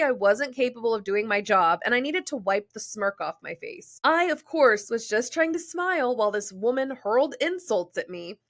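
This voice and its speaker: A woman podcast host reading a listener's story aloud, breaking off to joke and laugh in casual asides. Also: fairly high pitch. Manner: animated, laughs and jokes between read passages.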